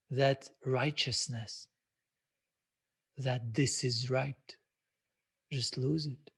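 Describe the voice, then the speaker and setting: A man's voice: medium pitch, a bit bright, slightly rough. A man hosting a self-development webinar, speaking reflectively with many hesitant filler sounds. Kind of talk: live webinar talk.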